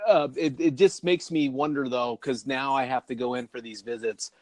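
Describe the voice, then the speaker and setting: A man's voice: medium pitch, steady tone, moderate pace, no echo. A man co-hosting a podcast in casual chat, rambling and laughing often as he talks. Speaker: podcast co-host.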